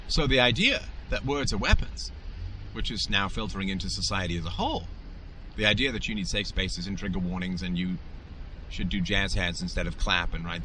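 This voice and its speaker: Forceful low-voiced man lecturing. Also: slight background noise. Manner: emphatic, lecturing, acts out quoted voices. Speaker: podcast host. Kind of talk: opinionated monologue.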